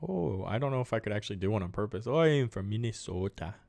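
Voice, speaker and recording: A man's voice: lowish voice, animated, fast, creaky, darkish tone, no room sound. A man hosting a casual live podcast, reading viewer comments aloud and answering them in an upbeat, chatty way. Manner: upbeat, thanks viewers, answers questions on the fly.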